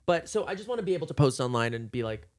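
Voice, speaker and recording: A man's voice: fairly high pitch, big pitch swings, rapid-fire, no room sound, clean studio sound. A man hosting a podcast, gushing and chatty, with lots of filler words. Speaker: podcast host. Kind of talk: casual chat.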